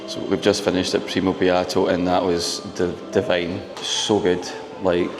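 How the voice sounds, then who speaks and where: A man vlogging in a resort, his voice sitting on the low side. He gushes and laughs easily, and music plays clearly behind him. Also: normal speed. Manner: excitable, gushing, laughs often. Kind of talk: casual vlog narration. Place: resort, indoors.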